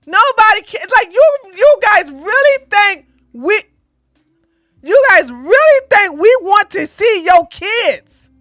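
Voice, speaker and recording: A woman doing blunt, sassy reaction commentary, ranting loudly and laughing between clips. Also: very high voice, very animated, slow pace, no echo, studio quality, soft background music. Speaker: commentary streamer.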